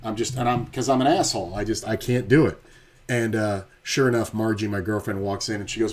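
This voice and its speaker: A man's voice: lowish voice, steady tone, brisk, a little hiss or hum. A man streaming poker and telling a rambling, blunt, profane story in casual chat.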